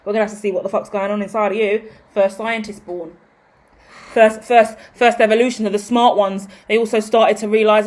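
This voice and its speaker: A woman, hosting a tarot channel in a casual, rambling monologue. She is animated, swears freely and acts out what she talks about. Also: mid-range voice, fairly quick. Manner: animated, profane, theatrical.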